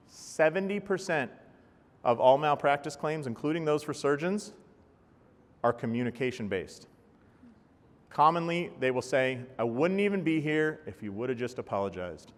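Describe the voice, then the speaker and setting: A man giving a live talk to an audience, energetic and joking, often putting questions to the crowd. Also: medium pitch. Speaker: speaker at a healthcare talk. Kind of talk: live keynote presentation. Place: large hall with audience. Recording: long reverb of a large hall.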